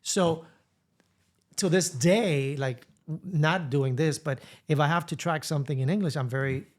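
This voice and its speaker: Lively bilingual man, high voice. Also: measured pace. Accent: Spanish. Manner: animated storytelling, mixing Spanish into English. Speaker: podcast co-host. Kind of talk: casual chat.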